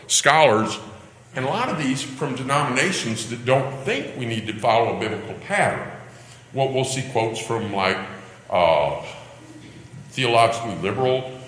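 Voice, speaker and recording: Bible class teacher, man, bright lively delivery, strong hall reverb. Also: medium pitch. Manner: emphatic, asks rhetorical questions. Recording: echoey hall with long reverb.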